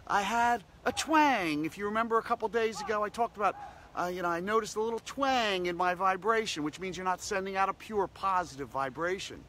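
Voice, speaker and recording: His high-pitched voice has a sharp tone, and there's slight hiss or hum on the recording. He leads a daily positivity practice with a cheerful motivational self-help talk, circling repeatedly back to short slogans.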